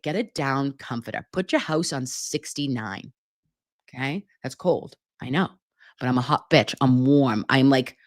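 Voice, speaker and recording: A woman's voice: low-pitched, no room sound, studio quality. A woman in her forties hosting a casual livestream, gushing and effusive, swearing freely and calling her viewers pet names between gasps and laughs. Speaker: livestream host reading viewer comments.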